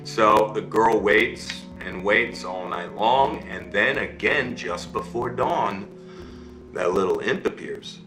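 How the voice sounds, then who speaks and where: A man with a fairly low voice slowly tells a fairy tale, animated and checking in with listeners with "okay?" and "right?" The low-quality recording is echoey and sits over music.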